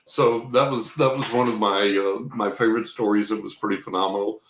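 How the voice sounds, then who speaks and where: A man's voice: fairly low pitch, fairly even intonation, fairly quick, a little hiss or hum. A man from Texas, a guest in an interview, rambling through a personal story and acting out what people said. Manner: rambling storyteller, acts out quotes. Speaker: guest, professional psychic reader. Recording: roomy echo.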